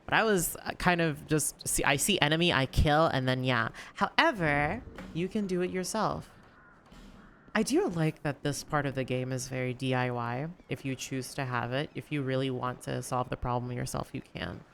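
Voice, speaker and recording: A young woman chatting casually while streaming a game, rambling with lots of fillers and sometimes lifting her voice higher on purpose. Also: moderate pace, slight background noise. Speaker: gaming streamer. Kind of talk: casual gameplay commentary.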